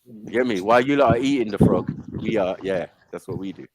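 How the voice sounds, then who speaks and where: A man's voice: on the low side, brisk, a little mellow, no room sound. A man, casually bantering and joking with friends on a live panel, laughing often and using street slang.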